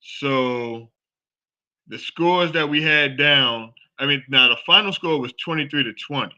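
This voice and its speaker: Man hosting live sports talk, very bright voice, rambling and excited, dull lo-fi sound. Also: mid-range voice, measured pace. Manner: excited, rambling, repeats himself. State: out of breath. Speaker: show host.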